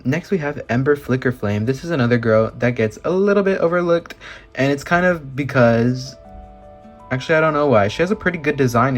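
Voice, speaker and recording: A man talking in a casual vlog, gushing and excitable, full of filler words and casual swearing. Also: medium pitch. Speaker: doll collector and reviewer.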